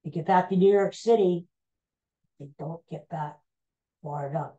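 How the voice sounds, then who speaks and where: A woman hosting a podcast, recapping old TV episodes in a casual, meandering, animated storytelling way. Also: fairly low pitch, moderate pace, dull audio. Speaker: podcast host.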